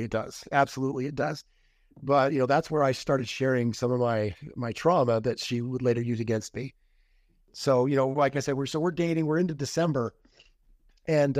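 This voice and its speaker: A man's voice: medium pitch, dry recording, studio quality. Man recounting a past relationship. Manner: rambling retelling with quoted dialogue and restarts. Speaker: podcast guest. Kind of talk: casual storytelling interview.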